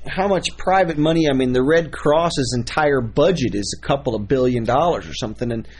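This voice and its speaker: A man co-hosting a radio talk show, asking measured questions in casual political talk. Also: mid-range voice, a little hiss or hum.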